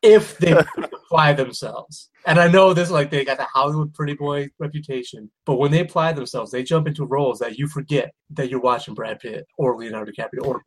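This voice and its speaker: A man co-hosting a casual chat, animated and opinionated, rambling through asides. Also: medium pitch, brisk. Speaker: podcast co-host. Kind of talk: casual chat about movies.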